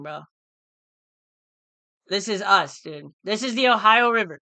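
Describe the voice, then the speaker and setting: A man from the United States talks through a live trading stream in loose, slangy chat, repeating phrases and calling listeners dude and bro. His voice is bright and smooth, and the sound is dry and close. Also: sits high, animated, a little slow, no echo. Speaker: live-stream day trader.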